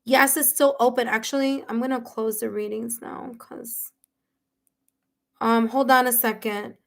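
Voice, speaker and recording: Woman, fairly high voice, effusive tarot reader, live-stream chat, lots of fillers and restarts. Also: little pitch movement, measured pace, creaky. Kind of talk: live-stream reading, casual chat with viewers.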